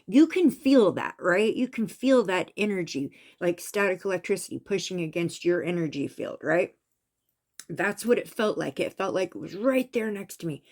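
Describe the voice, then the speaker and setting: A woman vlogger telling her own psychic experience in a casual, animated way, raising her voice at the tense parts. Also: on the low side, moderate pace. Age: adult with a son. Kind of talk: casual storytelling monologue.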